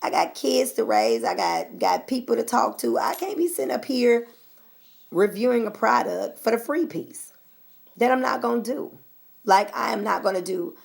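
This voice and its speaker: Blunt, sassy American woman with gravelly fry. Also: a little high, moderate pace. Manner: blunt, sassy, swears freely, animated. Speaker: vlogger. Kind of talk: casual straight-talk vlog.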